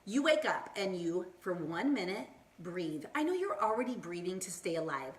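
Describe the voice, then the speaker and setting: A woman's voice: fairly low pitch, big pitch swings, moderate pace. Bubbly motivational woman in an echoey room. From Southern California. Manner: bubbly, tangent-prone, acts out quoted voices. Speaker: wellness vlogger. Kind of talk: upbeat motivational Facebook Live chat. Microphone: phone or laptop mic, live stream.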